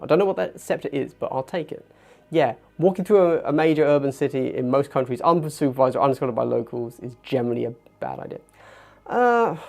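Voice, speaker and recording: A man in his thirties chats his way through a hobby livestream, animated and quick to get worked up. His voice sits mid-range with a gravelly edge. Faint music plays softly behind him. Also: mid-range voice. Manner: chatty, animated, gets worked up and self-deprecating. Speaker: livestream host. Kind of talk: casual hobby livestream chat.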